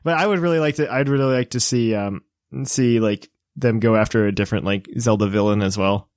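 A man's voice: on the low side, fairly quick, darkish tone, dry recording, studio quality. A man in his late twenties co-hosting a casual chat, rambling with lots of fillers and poking fun at himself. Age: 20s. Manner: rambling, filler-heavy, self-mocking.

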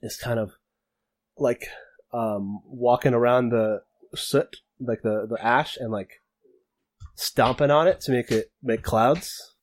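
A man's voice: mid-range voice, takes it slowly. A man narrating as game master for a tabletop role-playing game, talking casually with many fillers and restarts.

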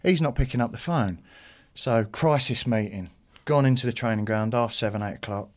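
Speaking at a normal pace in a mid-range voice, this middle-aged podcast guest relays a lively story in a laid-back way, cursing freely and mimicking other people's words.

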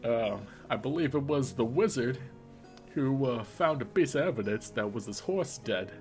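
A man's voice: medium pitch, lively intonation, normal speed, faint music behind, lightly acted. A man voicing a shifty male henchman who hesitates, stammers and tries to please his boss in a tabletop game. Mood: evasive. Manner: hesitant, full of "uh", wheedling.

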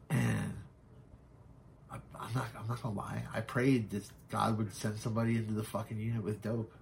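A man telling his own story as a podcast guest, frank and halting, swearing often. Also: on the low side, level tone, vocal fry, slight background noise. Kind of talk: candid personal storytelling.

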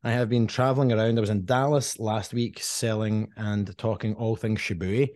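A man's voice: on the low side, fairly even intonation, moderate pace, darkish tone, dry recording. Jokey man co-hosting a podcast, dry sound. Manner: jokey, self-deprecating. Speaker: podcast co-host. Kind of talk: casual podcast chat.

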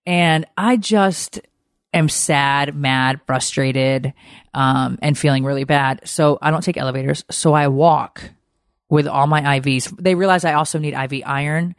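A woman hosting a podcast, telling a personal story in a candid, animated way and swearing freely. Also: deep voice, normal speed, dry recording, clean studio sound. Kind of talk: casual storytelling chat.

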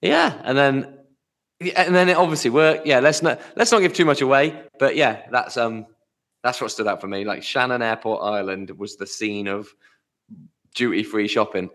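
Guy cohosting a chatty podcast, mid pitch, laid back and amused. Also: moderate pace, fairly bright tone. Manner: casual, amused, trails off with fillers. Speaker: podcast co-host. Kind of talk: casual chat.

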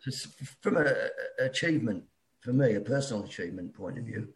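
A man talking easily as a guest, relaxed and chatty with a level, middling pitch. He speaks plainly and loosely, restarting often as he thinks. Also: fairly quick, a crowd in the background. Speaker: actor guest. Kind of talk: casual chat.

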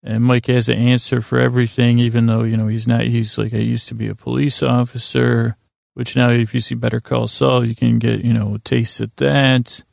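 A man hosting a sleep podcast, recapping a story in a rambling, halting way with many fillers. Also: medium pitch, flat delivery, vocal fry, darkish tone, no room sound, clean studio sound. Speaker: podcast host.

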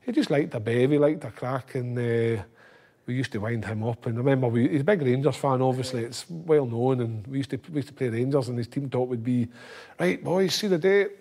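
A man's voice: medium pitch, brisk, warm tone. A middle-aged Scottish man, a former footballer, telling rambling anecdotes and swearing freely. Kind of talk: casual anecdotal storytelling.

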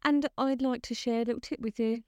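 A woman's voice: on the high side, fairly even intonation, brisk, no echo, studio quality. A woman co-hosting a podcast, chatting eagerly and laughing often. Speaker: podcast co-host. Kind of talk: casual chat.

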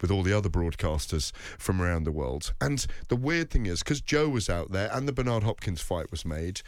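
Low-voiced man telling boxing anecdotes. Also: very animated, moderate pace, no room sound. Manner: rambling, anecdotal, many fillers and restarts. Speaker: boxing podcast host. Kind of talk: casual sports chat.

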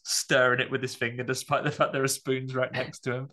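A man in easy podcast conversation, talking through a film scene by scene. He slips into quick voices for the characters and laughs along as he goes. His pitch sits in an ordinary middle range. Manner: animated storytelling, acting out characters' lines with laughs. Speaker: podcast co-host. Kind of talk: casual chat recapping a film.

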